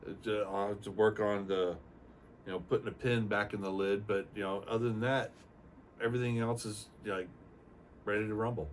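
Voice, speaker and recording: A man's voice: lowish voice, moderate pace. An older man, a retired Navy aircrewman, telling his story in a casual, rambling way and acting out quotes. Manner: rambling, animated retelling with acted-out quotes. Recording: distant mic with faint room noise.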